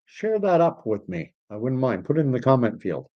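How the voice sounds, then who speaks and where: This Canadian man hosts a casual livestream, reading out viewer comments, wandering from topic to topic, and slipping in French phrases. His medium-pitched voice is very animated and fairly quick, though the recording sounds muffled.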